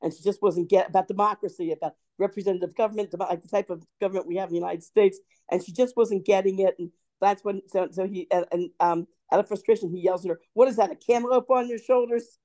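A woman with a mellow, warm tone tells old stories at an easy pace, pausing with ums and laughing often. She co-hosts a casual podcast. The sound is dry and close. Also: medium pitch, steady tone, no echo. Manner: anecdotal, laughs often, searches for words. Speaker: podcast co-host. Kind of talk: casual storytelling chat.

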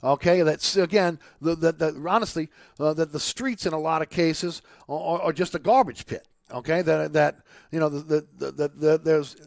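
Indignant New radio host ranting. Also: male voice, fairly high pitch, steady tone, moderate pace, vocal fry, dry recording, studio quality. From New Orleans. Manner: indignant ranting with many repeated restarts. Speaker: radio talk show host. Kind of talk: talk radio monologue.

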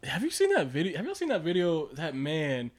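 Animated young man, lively and raspy. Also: fairly high pitch, a little fast. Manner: animated, profane, laughs often. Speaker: podcast co-host. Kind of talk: casual chat.

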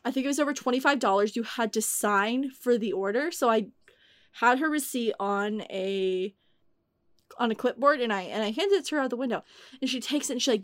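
A young woman casually telling a story in animated, profane bursts, acting out the voices she quotes. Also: on the high side, no room sound, studio quality. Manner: animated, swearing, acts out quotes. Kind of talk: casual chat.

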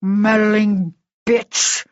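A woman voicing a furious, hissing male villain lord who snarls and shouts his orders. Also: high-pitched, expressive, drawn-out words, dry recording, pitched above the performer's own voice, heavily acted. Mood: hissing menace. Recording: dull lo-fi recording.

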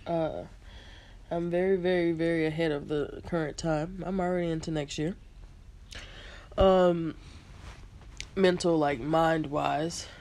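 A woman's voice: low-pitched, fairly even intonation, measured pace, pauses often, darkish tone. A woman co-hosting a casual podcast, talking bluntly with swearing and rambling asides. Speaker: podcast co-host. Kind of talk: casual chat.

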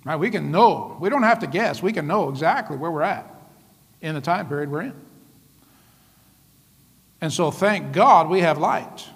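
A man preaching a sermon as pastor, lively, often laughing and calling out to the congregation. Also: fairly high pitch, moderate pace, long pauses, slightly rough, long reverb tail. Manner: lively, laughing often, calls out "come on" and "right?".

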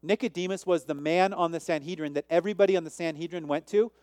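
A man preaching a sermon, emphatic, with sudden shifts in pace and loudness. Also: a little high, fast talker, no echo, studio quality. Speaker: pastor.

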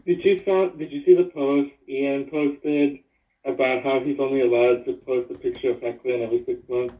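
A man's voice: medium pitch, level tone, moderate pace. A man chatting casually as co-host over a call, explaining things in a matter-of-fact way. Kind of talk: casual chat. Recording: tinny phone line from far off.

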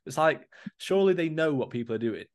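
A man's voice: fairly high pitch, lively intonation, quick pace. A young man telling stories in a casual chat. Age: young adult. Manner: chatty, storytelling with swearing and laughs.

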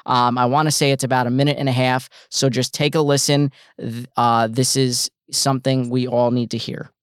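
Clear-voiced, emphatic sports host. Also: male voice, medium pitch, level tone, normal speed, no room sound, clean studio sound. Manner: emphatic and blunt, repeating his points. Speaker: sports talk show host. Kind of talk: opinionated sports commentary.

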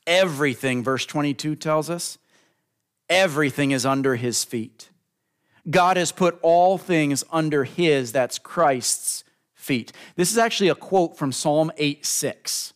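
A man preaching with a somewhat high voice. He builds to emphatic lines, stretches key words slowly and talks straight to the congregation. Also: clear, resonant tone. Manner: preaching with rising emphasis and slow drawn-out stresses; addresses the congregation directly as folks. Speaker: pastor. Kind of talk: sermon.

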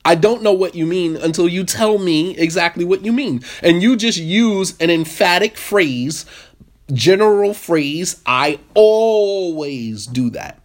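A man giving a lively, interactive talk on marriage to a group, questioning the audience and repeating points for emphasis. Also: high voice, a little slow. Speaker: marriage workshop speaker.

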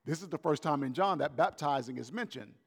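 A man preaching a sermon as pastor, swinging between loud raised lines and soft, slow emphatic words. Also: a little high, expressive, slightly rough, big-room sound. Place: church hall.

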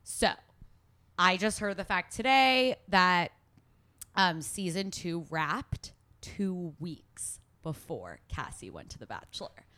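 A woman's voice: on the low side, expressive, takes it slowly, pushed and bright, no room sound. A young woman co-hosting a podcast, chatting casually and laughing as she recaps a show. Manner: chatty, laughing, acting out quotes. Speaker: podcast co-host.

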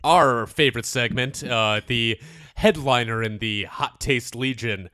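A man's voice: mid-range voice, a little slow, sharp tone, dry recording. A male podcast host chatting with dry humor, tired and a little loopy at the end of a long day. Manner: dry, joking, mock radio-announcer delivery at times. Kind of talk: casual podcast chat.

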